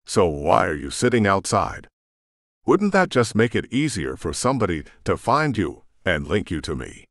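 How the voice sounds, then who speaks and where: A man narrating an audiobook and voicing an angry, defensive young woman with a sharp, accusing manner. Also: sits low, huge pitch swings, normal speed, dry recording, studio quality, heavily acted. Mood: indignant. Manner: indignant, accusing.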